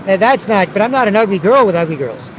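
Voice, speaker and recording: A man's voice: high-pitched, expressive, fast talker, fairly bright tone, dull audio, a little hiss or hum. A man vlogging outdoors at a city square, talking in a rambling, repetitive way with many restarts. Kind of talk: casual outdoor monologue.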